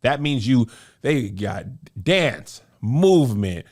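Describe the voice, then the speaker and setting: A man's voice: medium pitch, sing-song, slow, a little mellow. A man hosting a casual podcast chat, joking and playful. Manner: joking, playful, drops into mock accents. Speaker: podcast host.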